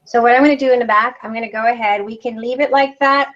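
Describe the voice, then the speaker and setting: Woman showing a craft project live, kinda high voice, chatty and easygoing, dull lo-fi sound. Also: steady tone, quick pace, a bit bright. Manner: chatty, step-by-step instructing. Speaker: craft tutorial host.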